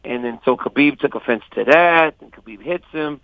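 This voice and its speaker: A man calling in as a guest fighter, telling stories animatedly and quoting others in lively voices. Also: mid-range voice, normal speed, clear, resonant tone, no room sound. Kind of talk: casual phone interview. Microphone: phone call. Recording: dull lo-fi phone line.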